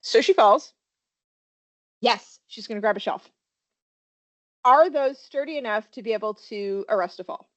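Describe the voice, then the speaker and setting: A woman's voice: on the high side, moderate pace, pauses often, dull audio. A woman workplace safety trainer giving a webinar presentation, talking animatedly and quizzing her listeners with questions.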